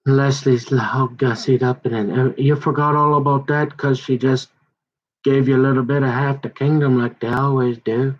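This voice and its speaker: A man telling a long personal grievance in a rambling, halting way, often restarting his sentences and growing heated as he goes. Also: medium pitch, steady tone, dull audio. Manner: aggrieved, heated. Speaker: son recounting a family conflict.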